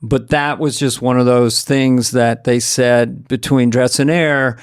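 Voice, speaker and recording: Co-host guy telling stories, lively, acts out lines, normal mid voice. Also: medium pitch, measured pace, clear, resonant tone. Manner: animated storyteller, acts out voices. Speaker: podcast co-host. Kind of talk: casual chat, storytelling.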